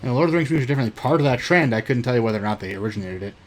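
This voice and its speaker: A man giving casual commentary while he plays, with quick dry asides. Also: medium pitch, lively intonation, faint music behind. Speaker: player and co-host of a gaming video.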